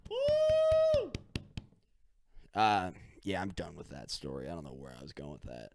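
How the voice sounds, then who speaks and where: A man's voice: very deep voice, lively intonation, brisk, gravelly, slight background noise. A man hosting a solo podcast, rambling loosely, swearing casually and making up stories as he goes. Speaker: podcast host.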